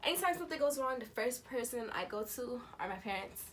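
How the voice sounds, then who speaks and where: A woman's voice: fairly high pitch, fairly quick, slight background noise. A young woman vlogger telling a storytime tale in casual, slangy speech, acting out the voices of the people in it. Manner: animated storytelling, acts out quoted voices. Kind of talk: storytime vlog.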